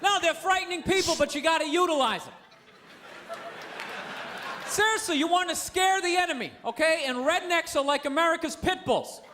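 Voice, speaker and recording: A male stand-up comedian ranting in an animated way, breaking into shouts, on a noisy stand-up recording. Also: extremely high pitch, normal speed.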